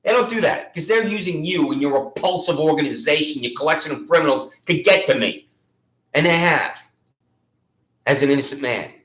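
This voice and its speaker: A man's voice: fairly high pitch, moderate pace, a bit bright, roomy sound, rough recording. A man making an impassioned public complaint against local officials, accusatory, sarcastic and repetitive.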